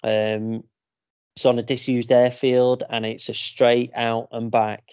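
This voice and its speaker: A man's voice: medium pitch, level tone, slow, darkish tone, clean tone, no echo. Male podcast co-host, chatty anecdotal storyteller, dry slightly dull recording. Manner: chatty storyteller, many fillers and restarts. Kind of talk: casual chat.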